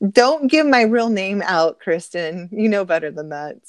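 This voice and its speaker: A woman's voice: mid-range voice, no echo. A middle-aged woman co-hosting a casual live stream, reading viewer comments aloud, answering them and laughing often. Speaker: livestream co-host reading chat.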